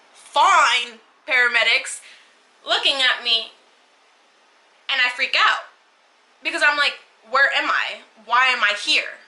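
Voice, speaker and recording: Bright-voiced young woman telling a story. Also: sits high, poor audio. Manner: emotional, rambling retelling with many fillers and restarts. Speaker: vlogger. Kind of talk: casual storytime vlog.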